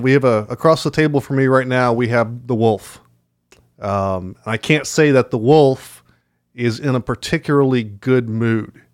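A man with a mid-range voice co-hosting a podcast. His talk is casual and wry, and it turns indignant easily. He speaks in an easy, conversational chat. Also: medium pitch. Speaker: podcast co-host.

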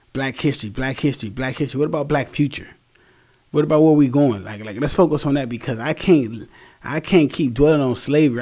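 A man's voice: mid-range voice, dark tone. Tired young man ranting bluntly. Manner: blunt, rambling, swears freely, slangy. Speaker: solo commentary host. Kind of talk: casual opinion monologue.

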